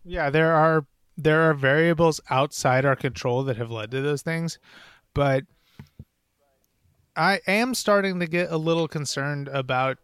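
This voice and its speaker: A relaxed man talking basketball with friends on a podcast. His voice is smooth and clear, recorded dry and close with no room sound. He hedges, restarts his sentences and laughs often. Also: on the high side, unhurried, no room sound. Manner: laid-back, laughs often, hedging restarts. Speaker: podcast co-host. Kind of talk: casual sports chat.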